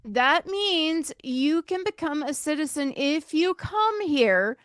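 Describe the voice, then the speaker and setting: Woman, high lively voice, slow and hesitant, podcast co-host, dry close sound. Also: no echo. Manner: hesitant, halting start. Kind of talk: political discussion.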